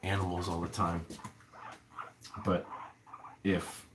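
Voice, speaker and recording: A man's voice: low voice, flat delivery, slow, a bit bright, slight background noise. A man who runs an animal rescue, chatting casually with live viewers in a loose, rambling way, full of fillers. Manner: rambling, filler-heavy, answers chat comments. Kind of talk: casual live stream chat. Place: home room with pets. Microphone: camera on upside-down tripod.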